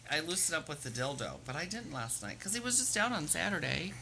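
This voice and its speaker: A woman's voice: low-pitched, big pitch swings, fast talker, vocal fry, background noise. A woman co-hosting a podcast, telling blunt, bawdy stories in casual banter. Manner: bawdy, laughing, blunt storytelling. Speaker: podcast co-host.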